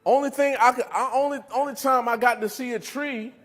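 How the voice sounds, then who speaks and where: A middle-aged man speaking as a recovery speaker, giving a motivational talk to a live audience, telling stories in an animated way, laughing and quizzing his listeners. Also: very high-pitched, fairly quick.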